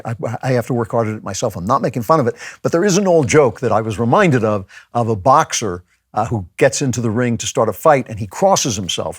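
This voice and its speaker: A man's voice: medium pitch, no room sound, clean studio sound. A middle-aged man hosting a show, talking casually and emphatically about faith, often mimicking what other people say. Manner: conversational, emphatic, animated quoting of others. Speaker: podcast host.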